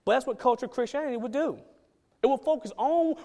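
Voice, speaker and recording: Male pastor with a high voice, preaches with emphasis and acts out quotes in a conversational way. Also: quick pace, dark tone. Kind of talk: sermon.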